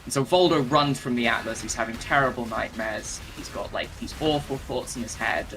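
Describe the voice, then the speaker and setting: Rambling, bright-voiced man. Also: mid-range voice, faint music behind, poor audio. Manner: rambling, filler-heavy, halting restarts. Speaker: gamer retelling game lore. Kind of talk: casual storytelling while playing.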